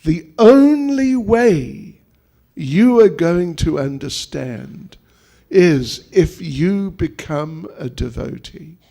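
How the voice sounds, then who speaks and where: A man's voice: on the high side, creaky, full character voice. A man voicing a devoted tearful queen. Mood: insistent. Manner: soft, insistent repetition. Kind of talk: acted quotes within a sermon.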